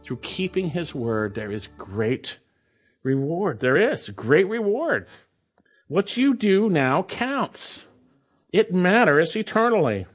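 A man's voice: fairly high pitch, sing-song, takes it slowly, slightly rough, faint music behind. A man preaching an expository sermon, emphatic, repeating key phrases with swelling stress. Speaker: pastor.

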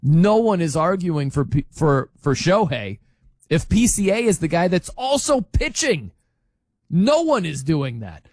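A man hosting a sports talk show, arguing his point in an incredulous, animated rant with laughs between points. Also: on the high side, a little slow, no echo, low-quality recording.

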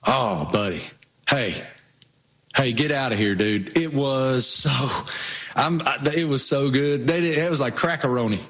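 A man's voice: medium pitch, unhurried, fairly bright tone. Folksy Southwest Virginia man, chatting. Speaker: co-host. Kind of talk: casual chat.

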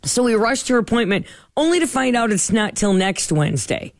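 A middle-aged woman spins a story in an animated, chatty way, slipping into the voices of the people she quotes. The sound is close and dry, with no room around her. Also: a little high, a little fast, no room sound. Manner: animated, acts out quoted dialogue. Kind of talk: casual storytelling chat.

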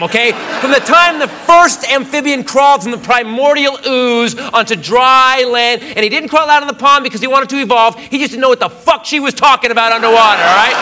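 A man doing a stand-up routine, ranting loudly in mock exasperation. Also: very high voice. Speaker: stand-up comedian. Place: comedy stage. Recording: live show with audience laughter and noise.

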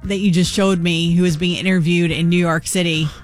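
A chatty male radio host with a somewhat high voice talks in quick, enthusiastic bursts and often restarts his phrases. He speaks casually into a studio microphone. A faint music bed plays underneath. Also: level tone. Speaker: radio morning show host. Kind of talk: casual on-air chat.

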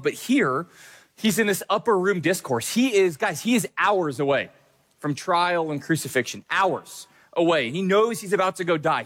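A man's voice: on the high side, fairly bright tone. Earnest male pastor preaching. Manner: earnest, conversational preaching with fillers. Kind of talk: sermon.

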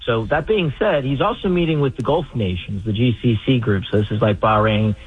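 A man calling in as an expert guest on a radio show, explaining in a measured way. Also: medium pitch, breathy edge. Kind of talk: radio phone interview. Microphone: phone line. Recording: tinny phone line.

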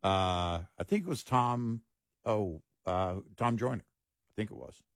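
A man co-hosting a radio show, chiming in with short agreements and then telling his own story in relaxed casual chat. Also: lowish voice, a little slow, dry recording, studio quality.

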